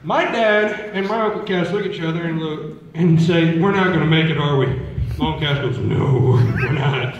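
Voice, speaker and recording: A man's voice: fairly high pitch, a little fast, lo-fi sound, slight background noise. A young man doing stand-up at a school talent show, telling chatty stories and asking the crowd questions. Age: young adult. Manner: chatty, asks the crowd questions, acts out relatives. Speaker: student comedian. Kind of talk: stand-up storytelling. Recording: echoey hall from far off.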